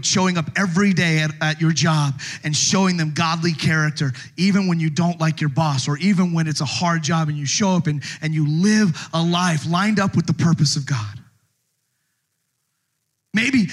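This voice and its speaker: A middle-aged male pastor delivering a sermon with a fairly high-pitched voice. He preaches in an animated way, dropping low and quiet, then jumping up into shouted lines as he acts out different voices.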